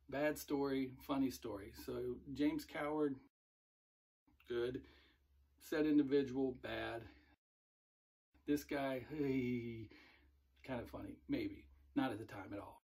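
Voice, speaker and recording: A middle-aged man, a former military recruiter, telling stories in a relaxed, rambling way with many fillers. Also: medium pitch, slow pace, gravelly, pauses often, breathy edge. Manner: relaxed, rambling, with frequent fillers and self-corrections. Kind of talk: casual storytelling monologue.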